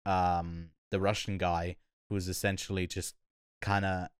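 Low, smooth-voiced man musing on films. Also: flat delivery, a little slow, no room sound, studio quality. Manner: thoughtful, hesitant, many ums. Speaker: podcast co-host. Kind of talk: casual film review chat.

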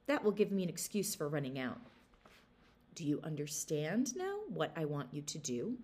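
A woman voicing a stingy, gruff old farmer in a storybook reading. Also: low voice, very animated, normal speed, darkish tone, pitched below the performer's own voice. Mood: scheming. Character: stingy grumbling old male farmer, a miser.

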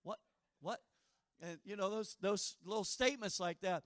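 A man's voice: high voice, brisk, dry recording, studio quality. A middle-aged man preaching a sermon, telling personal stories and acting out the dialogue in them. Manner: storytelling, acts out dialogue, animated asides.

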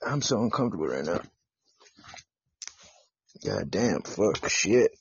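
A man with a low, gravelly and husky voice hosts his own live podcast, rambling in a profane, joking way. The recording is dull and lo-fi, with a dry sound. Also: sing-song, slow pace, pauses often, no echo. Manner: profane, joking, self-mocking. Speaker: podcast host. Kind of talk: solo live podcast chat. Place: home setup in California.

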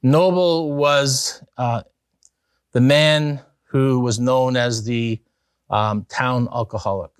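A man preaching an evangelistic sermon as pastor, telling a story in an earnest way that rises to excited emphasis. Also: medium pitch, slow, smooth, no echo, clean studio sound.

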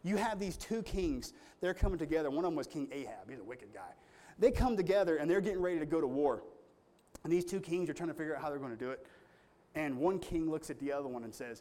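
A man's voice: on the high side, animated, fast, darkish tone. A man pastor preaching a sermon in an earnest, conversational storytelling way with strong emphasis.

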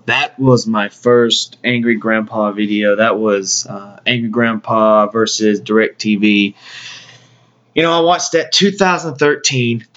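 A man hosting a podcast, speaking a casual tribute monologue in a halting way, often repeating his words. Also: lowish voice, fairly bright tone. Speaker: podcast host. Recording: dull lo-fi sound.

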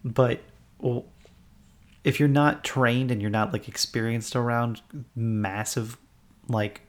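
Slow, wry male co-host in casual chat. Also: medium pitch, steady tone. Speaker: podcast co-host.

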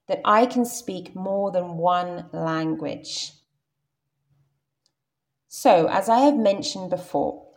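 A young adult woman with a modern received pronunciation British accent, teaching English in a careful, explanatory lesson. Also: mid-range voice. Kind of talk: scripted podcast lesson.

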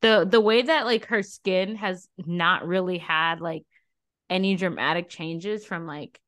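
A woman's voice: on the low side, unhurried, a bit bright. A young woman co-hosting a podcast, chatting casually and giggling, with lots of filler words. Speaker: podcast co-host. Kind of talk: casual chat.

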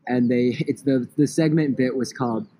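A man's voice: mid-range voice, normal speed, mellow, poor audio. A man hosting a podcast in casual, joking chat, outdoors in a park. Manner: laid-back, joking. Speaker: podcast host. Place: outdoors in a park, on a grassy slope.

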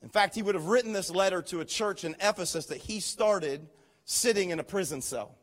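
The pastor's voice sits high and runs a little fast as he preaches with emphasis. He returns to key phrases, leads the congregation in call-and-response, and alternates between quiet asides and shouts.

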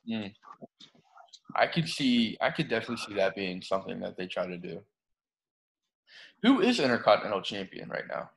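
A man's voice: lowish voice, sing-song, normal speed, creaky, long pauses. A young man co-hosting a podcast, easygoing in casual chat, steering the talk. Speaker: podcast co-host. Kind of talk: casual chat about pro wrestling.

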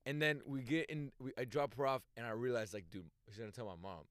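A man's voice: mid-range voice, fast, dry recording. A young man hosting a podcast, telling a story in casual chat, acting out the people in it and laughing often. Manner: animated, acts out voices in anecdotes, laughs a lot. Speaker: podcast host.

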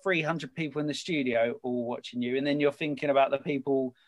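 A man, a podcast guest, chatting casually and telling a story with lively energy. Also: medium pitch, fairly quick. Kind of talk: casual chat.

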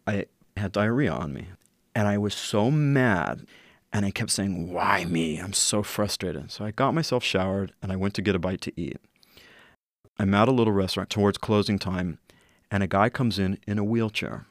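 A middle-aged man telling a personal story in an earnest, reflective way, slowing down at key moments. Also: fairly low pitch, dry recording, clean studio sound. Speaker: interview guest.

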